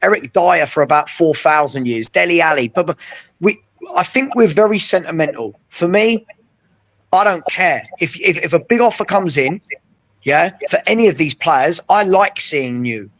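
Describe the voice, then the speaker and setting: Emphatic man, slightly high voice. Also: expressive, normal speed, fairly bright tone. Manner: emphatic, keeps checking agreement with "right?". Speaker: co-host. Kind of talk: casual football chat.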